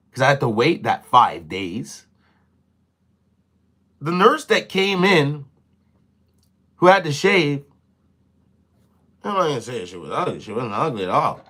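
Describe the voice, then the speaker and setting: Profane young man telling a story. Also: on the high side. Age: young adult. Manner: loose, profane, animated storytelling with quoted voices. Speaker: live stream host. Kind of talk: casual storytelling on a live stream.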